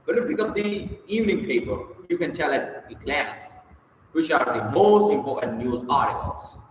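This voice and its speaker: A man's voice: fairly high pitch, moderate pace. A man reading aloud a lesson from a book on public speaking, leaning hard on the stressed words and drawing them out. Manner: lively emphatic reading with stretched stressed words. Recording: echoey room with long reverb, faint noise.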